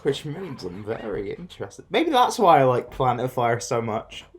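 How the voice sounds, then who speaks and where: A man's voice: mid-range voice, huge pitch swings, moderate pace, slight background noise. A man co-hosting a review show, chatting casually and joking with frequent laughter. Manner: chatty, jokey, laughs often. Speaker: reaction video co-host. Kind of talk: casual reaction chat.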